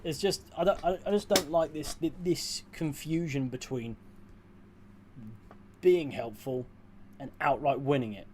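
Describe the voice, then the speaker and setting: A man's voice: on the high side, unhurried, pauses often, a little hiss or hum. A young British man, a streamer chatting casually with his viewers, blunt and sweary with dry asides. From United Kingdom. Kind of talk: casual livestream chat, answering viewers.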